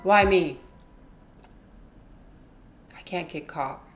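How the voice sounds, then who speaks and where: A cornered killer mutters to himself in a game, scheming low and tense over how to frame another man, as a woman puts him on. The voice stays hushed and guilty throughout. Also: very slow, music in the background.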